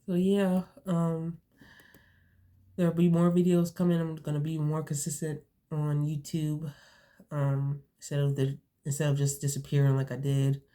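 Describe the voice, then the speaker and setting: A young woman vlogging from home, talking earnestly and haltingly, repeating herself. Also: sits low, monotone, dark tone. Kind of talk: casual talk to camera. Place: home, indoors.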